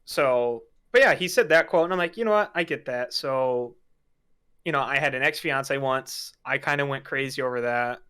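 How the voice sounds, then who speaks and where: Bright-voiced young man chatting. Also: medium pitch, normal speed, smooth. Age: 20s. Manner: rambling, swears casually. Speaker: podcast guest. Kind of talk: casual podcast chat.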